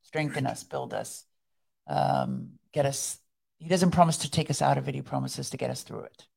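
A woman's voice: extremely low pitch, normal speed, gravelly, a little mellow, husky. A woman co-hosting a podcast, telling her faith story in an earnest, reflective way. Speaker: podcast co-host. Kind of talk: casual faith conversation.

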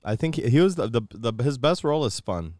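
A man's voice: medium pitch, big pitch swings, fairly quick, a little mellow, no echo, clean studio sound. A man co-hosting a casual podcast, rambling and laughing along, often saying "dude". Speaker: podcast co-host.

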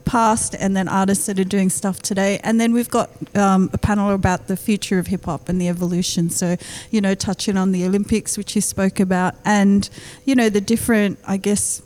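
A woman's voice: mid-range voice, little pitch movement, brisk, hardly any pauses, a little mellow. Female guest panelist, conversational explainer, filler-heavy. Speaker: event panelist. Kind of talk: casual chat.

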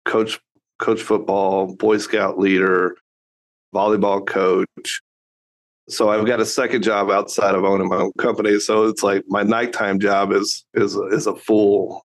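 A middle-aged man, a father and coach, earnestly and reflectively telling stories as a podcast guest. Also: fairly low pitch. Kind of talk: casual conversational storytelling.

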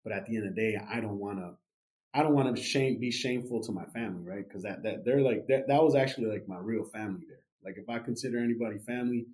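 A young man casually telling a story as a podcast guest, animated and full of fillers like "you know" and "right". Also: lowish voice, quick pace. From United States.

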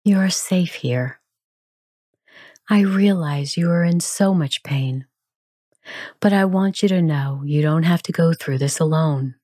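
A woman voicing a gentle friend who offers soft, soothing reassurance. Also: low-pitched, unhurried, pauses often, no room sound, clean studio sound. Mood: tender.

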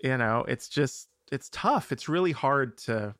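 A tired man hosting a podcast, talking in a rambling, halting, self-deprecating way over a call. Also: medium pitch, lively intonation, fairly bright tone, no room sound, clean studio sound. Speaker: podcast host and producer. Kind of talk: casual conversation over a call.

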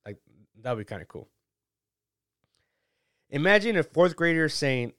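A man preaching in a relaxed, conversational way, taking his time over every phrase. His voice is clear and smooth, with a dry, close sound and no room echo. He often laughs at himself between points. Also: a little high, unhurried. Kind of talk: casual conversational sermon.

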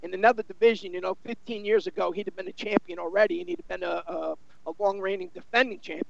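Male pundit, high and creaky, dry close sound, loose rambling delivery. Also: lively intonation, fast talker, no room sound, highs cut off. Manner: rambling, filler-heavy with many you-knows. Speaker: boxing analyst. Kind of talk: casual sports discussion.

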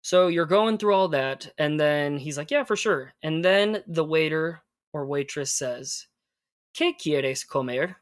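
A man's voice: on the high side, dry recording. Patient man teaching phrases, close and dry. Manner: patient, explains and models phrases slowly. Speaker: Spanish teacher. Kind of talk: teaching conversational Spanish.

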